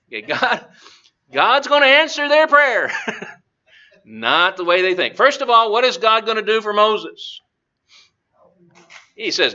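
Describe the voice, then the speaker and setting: A man's voice: high voice, big pitch swings, measured pace, pauses often, bright, forceful tone. A male preacher giving a chatty Bible lesson, asking the audience questions and chuckling. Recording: dull lo-fi recording.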